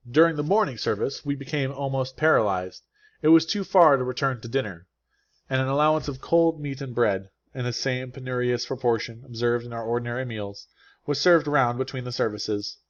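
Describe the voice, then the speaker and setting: A man's voice: medium pitch, muffled recording. Man narrating an audiobook steadily. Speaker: English teacher reading a novel aloud.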